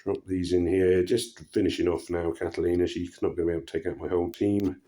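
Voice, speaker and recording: A man giving casual commentary over his own puzzle game, relaxed and muttering to himself with frequent pauses and fillers. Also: sits low. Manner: relaxed, muttering asides with many ums. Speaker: gaming channel host.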